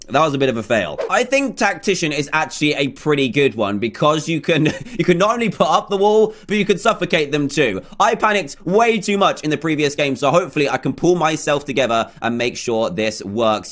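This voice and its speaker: A man hosting a gaming video, giving excitable let's-play commentary with lots of repeated phrases and panicked exclamations. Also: mid-range voice, fast.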